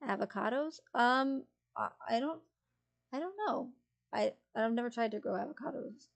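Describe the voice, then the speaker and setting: Giggly rambling woman with a gravelly voice. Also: a little high, moderate pace. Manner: rambling, giggly, many fillers and restarts. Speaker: streamer. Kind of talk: casual chat with live chat.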